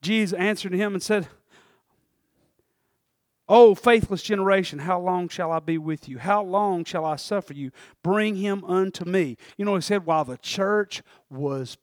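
A male pastor preaching a sermon, moving from quiet scripture reading to shouted, fervent passages. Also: measured pace, no echo, clean studio sound. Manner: swings from low reading to shouting fervor.

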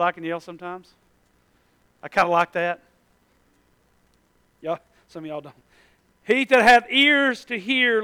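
Preaching as pastor, this middle-aged Tennessee man has a high-pitched, smooth voice. His sermon grows from quiet speech into loud, emphatic calls.

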